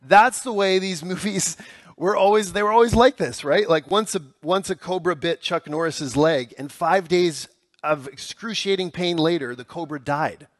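A man's voice: high-pitched, moderate pace, no echo. A young man preaching a sermon in a casual, hesitant way, with many fillers and restarts. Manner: hushed, soft prayer. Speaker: pastor.

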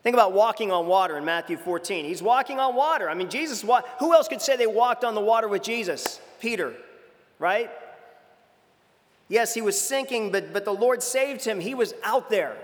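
A man with a high voice preaches a sermon in a church, with long echoes trailing off his words. He talks in a conversational way, restarting phrases and acting out quoted lines with sudden dramatic shifts. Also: expressive, moderate pace, pauses often, a bit bright.

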